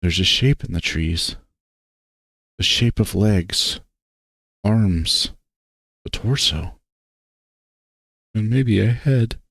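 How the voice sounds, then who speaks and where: Man, first-person story narration, slow pace, lively pitch. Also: no room sound. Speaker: visual novel reader.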